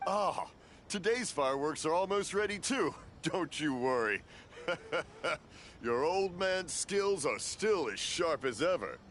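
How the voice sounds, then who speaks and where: A man's voice: slow pace, a little hiss or hum. An actor playing an elderly, hard-of-hearing fireworks maker who rambles into long stories and chuckles as he mishears things, in game voice acting. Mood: cheerfully confused. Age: older. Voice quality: animated, sing-song storytelling with big pitch swings. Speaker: old fireworks maker, the heroine's father. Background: game music.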